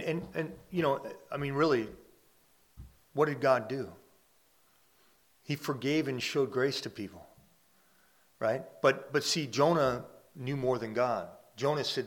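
A man preaching a sermon in a relaxed, conversational way, his voice sitting at an ordinary middle pitch. He stumbles and restarts often, checks in with his listeners, grows loud on key points and falls nearly hushed on the peaceful lines. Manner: swells louder on key points, drops soft and quiet on peaceful lines. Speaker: pastor.

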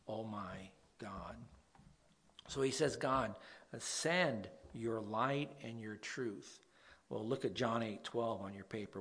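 A man's voice: medium pitch, gravelly, a bit bright. Man preaching a conversational sermon. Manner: reads scripture slowly, then explains in a plain conversational way.

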